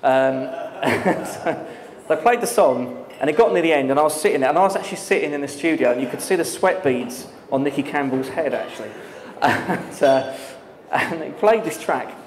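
A man telling a lively story to an audience at a live talk, laughing often and using many fillers. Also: on the high side, moderate pace, a little hiss or hum. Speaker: guest speaker. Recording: echoey hall with long reverb.

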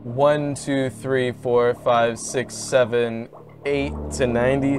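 A man's voice: medium pitch, little pitch movement, takes it slowly, noisy background. A man streaming a puzzle game, thinking aloud, muttering and counting under his breath and often trailing off. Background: game music.

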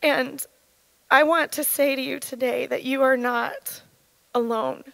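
A woman in her thirties giving an earnest, halting personal testimony at church, her voice shaken with emotion. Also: sits high, fairly even intonation, gravelly, fairly bright tone, dry recording, poor audio. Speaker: church speaker sharing testimony.

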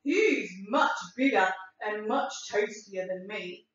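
A woman's voice: medium pitch, animated, takes it slowly, a bit bright. A woman voicing a hesitant middle-sized billy goat in a storybook reading. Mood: nervous. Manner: hesitant, with ums. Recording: echoey room from far off, dull.

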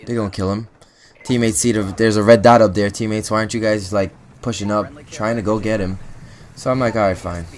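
A young man giving casual gameplay commentary for his channel, boastful and full of profane trash talk. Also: fairly low pitch. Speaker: gaming channel host.

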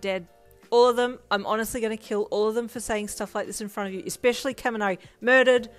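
A woman voicing a shy, flustered young woman who stammers and goes shrill when embarrassed, while reading a fan fiction aloud. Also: fairly even intonation, fast, soft background music, natural voice.

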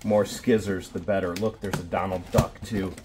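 A man hosting a treasure hunting vlog, talking excitedly in wonder as he digs through what he found. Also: low voice, normal speed, noisy background. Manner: excitable, keeps exclaiming in wonder. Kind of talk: casual unboxing commentary.

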